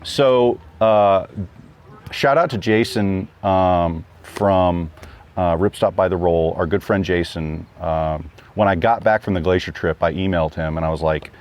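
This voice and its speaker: A man's voice: sits low, measured pace, a little mellow, a little hiss or hum. A man being interviewed about a trip, talking casually and rambling with lots of fillers and restarts. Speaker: guest hiker. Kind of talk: casual chat.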